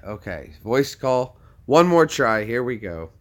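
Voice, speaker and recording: A man's voice: mid-range voice, sing-song, takes it slowly. Man, livestream host, casual chat, upbeat, chatty. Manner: chatty, upbeat, talks to viewers.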